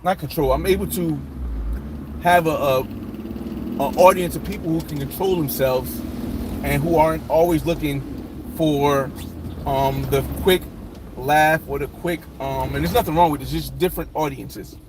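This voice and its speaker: A man's voice: on the high side, steady tone, moderate pace, noisy background. A man hosting a casual live chat, rambling with many restarts and fillers.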